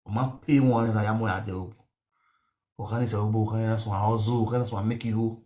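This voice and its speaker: A man's voice: on the low side, quick pace. Nigerian man rambling in pidgin. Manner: mixes pidgin and local language, repetitive, animated. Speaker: online show host. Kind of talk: rambling live-stream storytelling.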